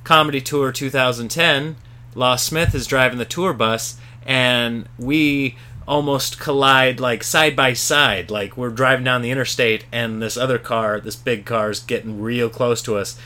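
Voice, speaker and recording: Bright-voiced teasing man. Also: measured pace. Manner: teasing, animated, jumps to high exclamations. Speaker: podcast co-host. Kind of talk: casual chat.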